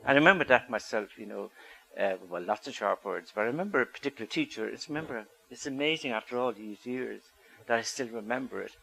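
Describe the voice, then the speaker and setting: A man's voice: medium pitch, lively intonation, fast talker, vocal fry, a bit bright, husky, rough recording. An older man giving a storytelling talk to an audience, asking them questions as he goes. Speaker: speaker.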